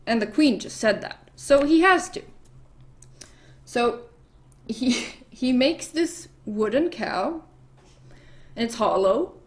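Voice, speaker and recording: A woman telling an old myth in a loose, rambling way, dropping swear words and breaking off to laugh or fuss over something. Her voice sits fairly high, and she talks slowly and without hurry. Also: lively intonation. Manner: rambling, swears freely, laughs, easily distracted. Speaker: vlogger. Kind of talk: casual myth retelling while painting nails.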